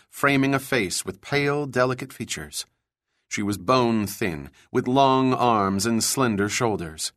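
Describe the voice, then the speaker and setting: A man narrating a thriller audiobook in an even, measured storytelling voice. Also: mid-range voice, dry recording, studio quality. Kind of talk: scripted narration.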